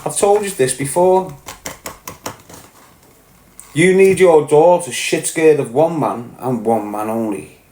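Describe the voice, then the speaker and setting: A man with a Liverpool accent and a somewhat high, warm voice speaks slowly and pauses often on his livestream. Reading out chat, he rants casually, bluntly and with swearing, with slight background noise and roomy echo.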